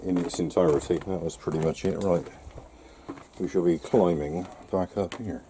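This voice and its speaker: A man's voice: low voice, fairly even intonation, moderate pace, background noise. A man filming himself, rambling through a casual running commentary with lots of fillers. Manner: rambling, talks to himself and the viewer with fillers and chuckles. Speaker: vlogger. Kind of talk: casual self-filmed commentary.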